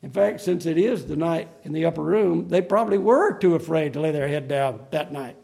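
A man preaching a sermon in an earnest, emphatic way, slowing down to stress key phrases. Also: fairly high pitch, lively intonation, creaky, a little mellow.

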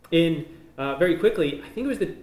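A missionary man giving an informal slideshow talk, explaining each photo in a relaxed, conversational way. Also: fairly high pitch, moderate pace. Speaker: missionary presenting to a church. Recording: echoey room.

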